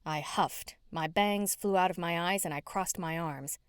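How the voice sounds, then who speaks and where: Woman audiobook narrator, wry first-person read, lower voice, dry studio. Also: a little slow, clear, resonant tone, dry recording.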